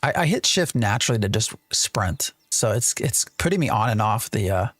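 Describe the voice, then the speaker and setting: A man's voice: lowish voice, expressive, normal speed, fairly bright tone, slightly rough, no room sound. A man streaming a game live, chatting and thinking aloud as he plays and answering his chat. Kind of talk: live gameplay commentary.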